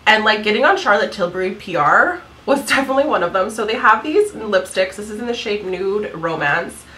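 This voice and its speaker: A woman's voice: medium pitch, lively intonation, a little fast, pushed and bright, slight background noise, poor audio. Chatty giggly woman in her thirties. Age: 30s. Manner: chatty, giggly, lots of "like" fillers. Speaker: beauty vlogger. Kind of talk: casual makeup tutorial chat.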